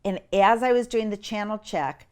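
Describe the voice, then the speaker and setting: Animated middle-aged woman telling a story. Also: normal speed, clean tone. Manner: animated, acts out quotes with big pitch jumps. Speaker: interview guest. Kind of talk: personal storytelling in an interview.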